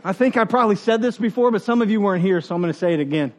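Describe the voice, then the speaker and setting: A man preaching a sermon as pastor, animated and joking, acting out quoted voices and laughing with the congregation. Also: sits high, rapid-fire, some chatter behind.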